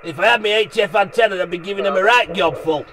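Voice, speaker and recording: Grumbling, high-voiced radio ranter. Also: male voice, quick pace, crowd noise. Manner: blunt, swearing, grumbling. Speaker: radio hobbyist vlogger. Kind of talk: casual ranting vlog. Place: vehicle parked on a hilltop outdoors.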